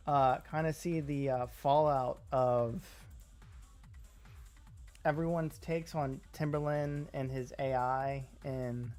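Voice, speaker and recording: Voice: medium pitch, steady tone, slow, darkish tone. A livestreamer talks loosely to chat from a home desk mic, wandering through thoughts with plenty of ums and uhs. Faint music plays underneath while keys clack now and then. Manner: rambling, filler-heavy, self-deprecating. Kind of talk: casual stream chat. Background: faint music and keyboard typing.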